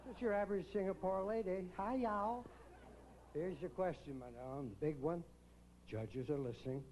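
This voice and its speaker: Joking male pageant host, slightly high voice. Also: mellow, slight background noise, poor audio. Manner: teasing and quick-witted. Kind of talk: joking live pageant emcee. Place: live on stage at an event.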